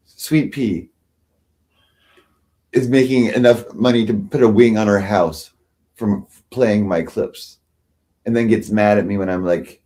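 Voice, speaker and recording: A man's voice: fairly low pitch, dark tone. A man hosting a livestream, ranting sarcastically and with self-pity, often mocking others. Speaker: livestream host. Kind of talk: rambling livestream rant.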